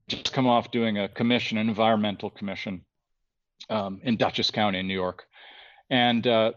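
A man telling a story as a podcast guest, animated, restarting his sentences and acting out the people he quotes. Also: on the low side, lo-fi sound. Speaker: guest artist.

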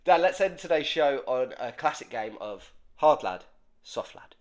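A man's voice: mid-range voice, expressive, a little slow. A man hosting quiz games on a casual comedy podcast, playful and laughing often. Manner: playful, laughs a lot, quiz-show announcing.

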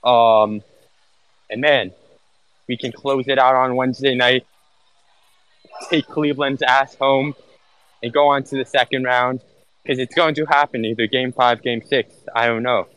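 A man calling in as a fan, talking in a relaxed, upbeat, chatty way. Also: medium pitch, unhurried, long pauses, smooth, no room sound, poor audio. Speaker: caller, home fan. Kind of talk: casual chat.

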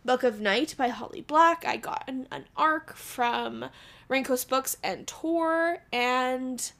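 A woman's voice: high voice, takes it slowly, gravelly, fairly bright tone. A young woman from Alberta, co-host of a podcast, chatting in a bubbly way and laughing often. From Alberta, Canada. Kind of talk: casual chat.

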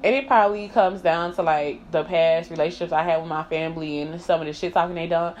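A woman's voice: fairly low pitch, brisk, few pauses. A woman talking candidly and emphatically to camera in a personal vlog, swearing freely and laughing often. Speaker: vlogger. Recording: slightly dull lo-fi sound.

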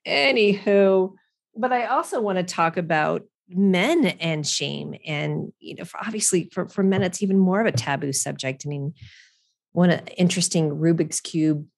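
A woman's voice: on the low side, moderate pace, gravelly. A middle-aged woman hosting a solo podcast, talking candidly in a chatty, frank way with casual swearing. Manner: candid, chatty and profane, with frequent restarts and laughter. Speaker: podcast host.

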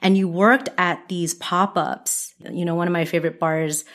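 Woman from Canada, podcast host, lowish voice, chatty and quick to laugh. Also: steady tone, a bit bright. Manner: chatty, laughs often, storytelling. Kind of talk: conversational interview.

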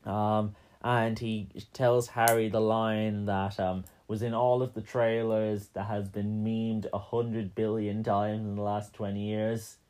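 A man's voice: fairly low pitch, little pitch movement, slow pace, darkish tone. Joking, rambling male podcast co-host. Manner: joking, rambling, full of fillers. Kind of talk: casual chat recapping a film.

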